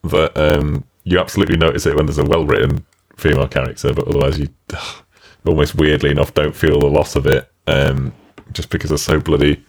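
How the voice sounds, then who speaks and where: A man with an extremely low, deep voice talks in a loose, rambling way, sighing and swearing casually. His audio has a glitchy, robotic sound. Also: flat delivery, fairly quick, breathy edge. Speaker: podcast co-host. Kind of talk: casual film review chat.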